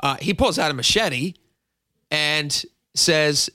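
A man's voice: fairly high pitch, a little slow, bright, forceful tone, no room sound. A man hosting a talk radio show on a studio microphone, chatty and jokingly self-mocking.

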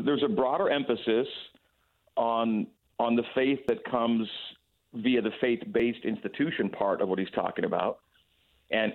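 A man talking over a sports radio phone line, thoughtful and full of restarts and repeated words. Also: lowish voice. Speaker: radio play-by-play guest. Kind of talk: sports radio call-in chat. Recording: tinny phone-line sound.

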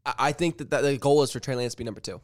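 A man's voice: mid-range voice, very fast. Emphatic, opinionated man co-hosting a podcast. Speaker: podcast co-host. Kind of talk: casual sports chat.

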